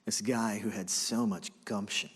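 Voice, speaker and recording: A man preaching as pastor, telling a story with animated, dramatic delivery. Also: lowish voice, unhurried, husky, in a large hall. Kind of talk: sermon.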